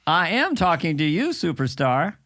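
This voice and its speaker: A man's voice: a little high, very animated, moderate pace, fairly bright tone, dry recording. A man hosting a podcast, chatting in a teasing, playful way. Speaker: podcast host. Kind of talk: casual comic chat.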